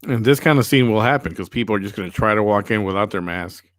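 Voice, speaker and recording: Brief: male podcast host, low voice, dry close sound, sarcastic banter. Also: fast, no echo. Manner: wry, sarcastic. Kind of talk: casual chat reading viewer comments.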